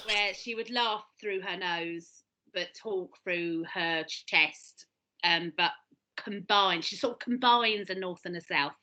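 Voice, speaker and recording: A woman's voice: mid-range voice, takes it slowly, rough recording. A woman with a London accent, a guest on a video-call podcast, who explains things by acting them out. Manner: animated, explains by demonstrating. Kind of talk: casual podcast chat.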